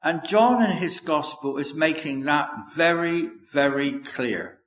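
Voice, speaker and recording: A man preaching a sermon in a measured, earnest way, quoting scripture aloud. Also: a little high, animated, a bit bright. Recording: echoey hall with long reverb.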